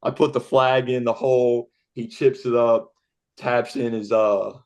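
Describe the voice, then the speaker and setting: Laughing caddy telling golf stories. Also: male voice, medium pitch, a little slow. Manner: animated storyteller acting out dialogue, laughing often. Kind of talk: casual podcast storytelling.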